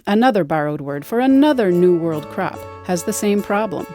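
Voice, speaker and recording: A woman's voice: lowish voice, lively intonation, moderate pace, warm tone, faint music behind. A woman narrating a scripted educational explainer with a wry, lightly playful delivery, recorded on a close studio mic.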